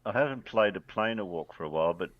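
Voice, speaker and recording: A man's voice: lowish voice, expressive, fast, muffled recording. A man co-hosting a casual live stream chat in a laid-back, dry manner.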